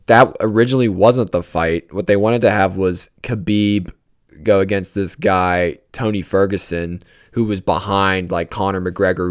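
A man's voice: deep voice, smooth. A young man hosting a casual solo podcast, rambling and swearing freely, with many restarts. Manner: rambling, profane, restarts a lot. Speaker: podcast host.

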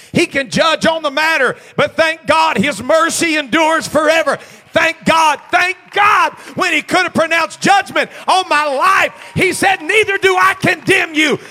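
A man, a senior pastor, preaching a sermon in church, swinging between hushed pleading and shouted exhortation. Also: very high voice, moderate pace, in a large hall. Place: church sanctuary.

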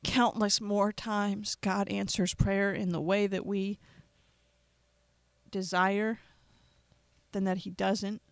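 A podcast host making an emotional, earnest gospel appeal in a preacherly way, with pauses and repetition. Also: mid-range voice, little pitch movement, smooth, no echo.

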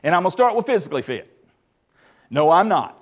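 A middle-aged man preaching a sermon as pastor, emphatic and lively with touches of humor. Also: high voice, a little fast.

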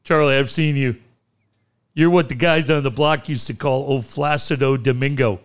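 A man doing a gruff, insulting radio coach. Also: mid-range voice, fairly even intonation, moderate pace, pitched below the performer's own voice, lightly acted. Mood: scornful. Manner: barking, insulting, profane. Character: gruff male sports-radio coach, short-tempered, insulting.

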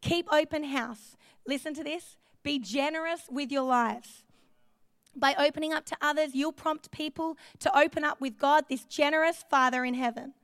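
A woman's voice: sits high, steady tone, moderate pace, a bit bright, no echo, clean studio sound. A woman preaching a sermon in a chatty, self-deprecating way, telling personal stories in a church.

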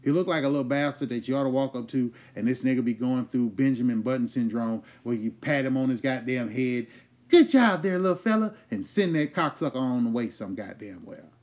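A man hosting a comedy podcast, ranting loudly and profanely in a casual, riled-up way. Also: medium pitch, fairly quick, few pauses. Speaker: host.

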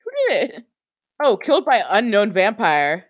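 A woman co-hosting a podcast in casual chat, animated and laughing, with quick asides. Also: medium pitch. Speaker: podcast co-host.

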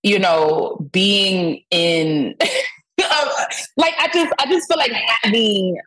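A woman's voice: medium pitch, drawn-out words, a bit bright, low-quality recording. A woman from Brooklyn with a New York accent, a guest talking casually and emphatically, laughing often. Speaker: guest musician. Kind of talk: casual interview over the phone. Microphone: phone call.

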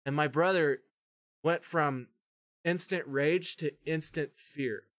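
A man with a somewhat high voice tells a long story on his podcast in casual chat. He rambles from one detail to the next and swears freely. He acts out the lines of the people in the story as he goes. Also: takes it slowly, a bit bright. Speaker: podcast host.

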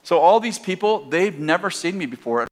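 Animated older man telling a story. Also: sits high, normal speed. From Northern California, USA. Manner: conversational, animated, laughing at his own story. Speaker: preacher. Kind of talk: personal storytelling sermon.

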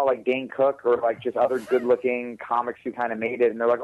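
A man's voice: mid-range voice, monotone, a little fast, hardly any pauses, phone-quality sound. A man who does stand-up comedy, talking casually in an interview, rambling, swearing and often laughing.

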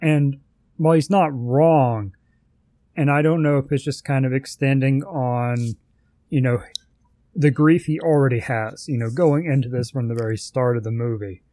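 A man's voice: mid-range voice, moderate pace, warm tone, no room sound. A man in casual chat, hesitantly sharing his take on a film, thinking aloud with frequent "you know"s. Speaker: podcast co-host.

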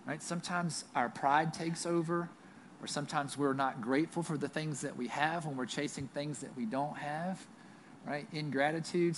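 A man's voice: on the high side, a little hiss or hum. A man pastor with a Southern US accent preaching a sermon in a conversational way, often checking in with "right?". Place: church.

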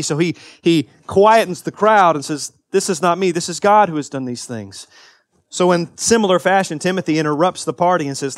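In this sermon, an earnest pastor in his thirties shifts from emphatic bursts to soft confession, repeatedly restarting and repeating phrases. He has a slightly high voice at an ordinary pace, captured in echo-free studio quality.

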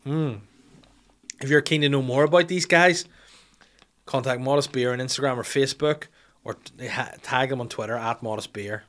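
Cheeky, sweary podcast host. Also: male voice, medium pitch, a bit bright. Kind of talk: casual chat.

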